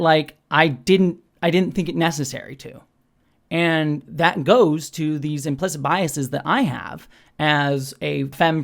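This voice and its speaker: Reflective woman thinking out loud. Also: low-pitched. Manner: thoughtful, self-questioning, talks through ideas with frequent fillers. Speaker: channel host. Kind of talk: unscripted reflective commentary.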